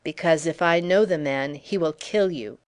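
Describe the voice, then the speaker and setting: A woman's voice: low voice, normal speed, close to an everyday voice. A woman reading the lines of a blunt, plain-spoken young man in an audiobook.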